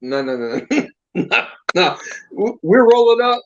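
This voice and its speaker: A man with a somewhat high voice tells stories of his army days to old comrades. He swears freely and acts out what others said. The sound is muffled and lo-fi, as on a video call. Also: unhurried, a little hiss or hum. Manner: profane, animated storytelling with acted quotes. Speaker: army veteran reminiscing. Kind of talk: casual chat with old comrades.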